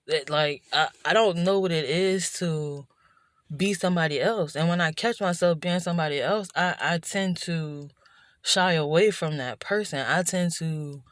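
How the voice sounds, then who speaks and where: A woman's voice: sits low, dry recording, clean studio sound. A woman vlogger talking through her feelings in a rambling, introspective way, full of restarts and "you know", recorded indoors at night. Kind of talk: reflective personal vlog monologue.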